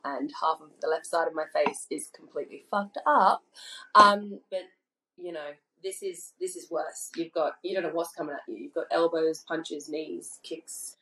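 Woman, distant in an echoey room. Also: sits low. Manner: relaxed, swearing, hesitant with ums. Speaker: guest boxer. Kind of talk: casual chat.

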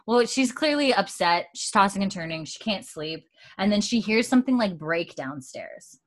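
A podcast co-host casually recaps a TV episode, acting out the characters' lines while swearing and laughing. Her mid-range voice has lively intonation, and she talks at normal speed in this animated retelling.

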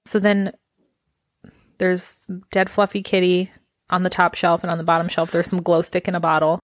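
A woman in a casual podcast chat, recapping scenes and quickly acting out the characters' lines. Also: lowish voice, level tone, no room sound, clean studio sound. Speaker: podcast co-host.

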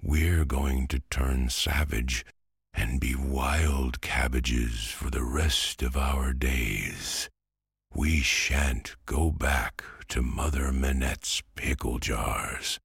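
Rowdy, defiant cabbages from a storybook, as a man reads them declare their rebellion in a whispery, gravelly voice. The sound is close and dry. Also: extremely low pitch, extremely slow, no room sound, exaggerated voice.

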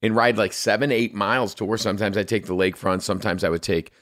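A man's voice: on the low side, fairly even intonation, quick pace, fairly bright tone, no room sound, clean studio sound. A man in his thirties co-hosting a podcast, full of teasing jokes and banter. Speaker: podcast co-host. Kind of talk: casual chat.

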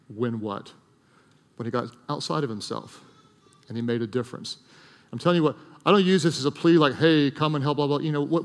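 A middle-aged man preaching a sermon in a large church, earnest, swelling to loud emphatic peaks and dropping to soft, hushed lines. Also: mid-range voice. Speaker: pastor. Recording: long hall reverb.

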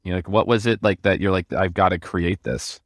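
A man's voice: low voice, steady tone, brisk, dry recording, studio quality. A man hosting an interview show, asking long rambling questions full of fillers and restarts. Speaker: podcast host.

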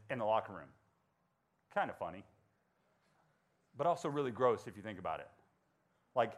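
A man in his forties telling personal stories to a young audience in a casual, animated way. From Georgia. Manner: animated, acts out dialogue in high voices. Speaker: motivational speaker. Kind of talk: storytelling talk to students.

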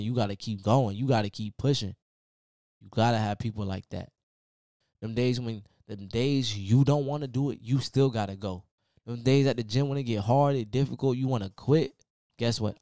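A man's voice: mid-range voice, mellow, no room sound, studio quality. A man hosting his own podcast, giving a casual, preachy motivational talk full of repeated "man" and "y'all.". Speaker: podcast host. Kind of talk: motivational solo podcast rant.

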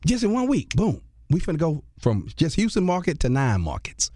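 A man, a comedian and radio host, telling a lively story in a conversational interview, acting out other people's voices with bursts of laughter. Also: on the high side, moderate pace, no room sound, studio quality.

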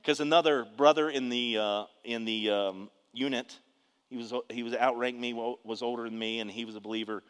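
A man's voice: medium pitch, steady tone, a little fast, a bit bright, clear, resonant tone. A man preaching a sermon with personal testimony, emphatic and calling on the congregation for responses. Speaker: pastor. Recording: reverberant hall.

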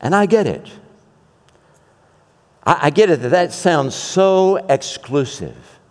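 A man preaching slowly and deliberately, leaning on repeated words and long pauses. His voice swings up and down, pitched a little high for a man. It rings with the long reverb of a big hall. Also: animated. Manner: emphatic, dramatic repetition and pauses. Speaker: pastor. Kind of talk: sermon.

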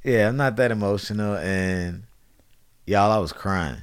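A man in his thirties tells a story in relaxed conversation. His voice sits low and sounds clear and smooth. He acts out the people he quotes by raising his voice. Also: measured pace, no room sound, clean studio sound. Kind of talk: casual chat.

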